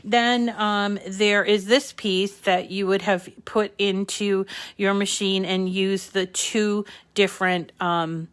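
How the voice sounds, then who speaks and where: A woman hosting a crafting channel leads a live paper-crafting tutorial, talking viewers through each step in a casual way with many ums and small restarts. Her voice is medium-pitched, smooth, and fairly bright, with fairly even intonation and a slow pace.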